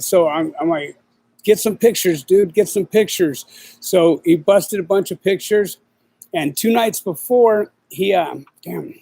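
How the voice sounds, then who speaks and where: A man's voice: fairly high pitch, gravelly, a little mellow, slightly rough, low-quality recording. A middle-aged man hosting his own show, talking casually and rambling in profane street slang with lots of fillers. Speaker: podcast host. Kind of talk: casual livestream chat.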